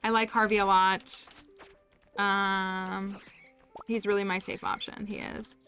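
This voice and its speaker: Bright chatty woman streaming a game. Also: medium pitch, flat delivery, takes it slowly, soft background music. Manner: chatty, giggly, thanks viewers. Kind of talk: casual live-stream chat while gaming.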